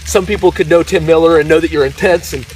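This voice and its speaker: Higher-voiced man chatting, off-mic. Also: steady tone, fast, a little mellow. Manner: short affirmations, asks questions. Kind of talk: casual conversation. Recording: distant mic with faint noise.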